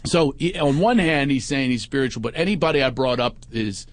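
A man on a podcast telling a story with lively energy and acting out both sides of the conversation in loud, high voices. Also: fairly quick, a little hiss or hum. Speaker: comedian and podcast co-host. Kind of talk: animated storytelling chat.

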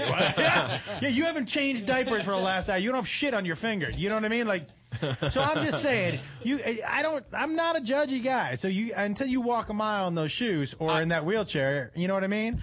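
Guy with a pretty high voice, swearing a lot, telling a story on a podcast, doing everyone's lines. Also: brisk. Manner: animated, profane, acts out quotes. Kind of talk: casual storytelling chat.

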